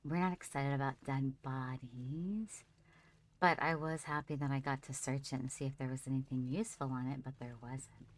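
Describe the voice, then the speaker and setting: A woman's voice: rumbling low, steady tone, normal speed. A woman streaming a survival game, chatting casually with her viewers and fondly talking to her character as she plays. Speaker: livestreamer. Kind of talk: casual gameplay commentary.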